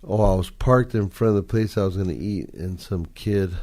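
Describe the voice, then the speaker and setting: A man's voice: deep voice, moderate pace, dark tone. A man telling a story in a casual, laid-back, profane way on a talk show.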